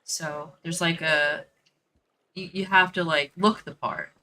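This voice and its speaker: A woman's voice: low-pitched, steady tone, slow pace, bright, forceful tone, poor audio. A woman who works as a dog trainer, chatting casually and thinking aloud while she plays a game, with lots of "like" and "you know" fillers. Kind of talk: casual chat while gaming.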